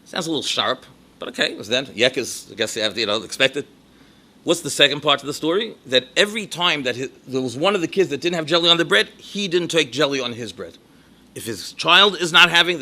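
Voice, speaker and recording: A man's voice: medium pitch, animated, fast talker, bright, forceful tone. A man, a rabbi and educator, giving a talk full of anecdotes and sprinkled with Yiddish and Hebrew words. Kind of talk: lecture with anecdotes.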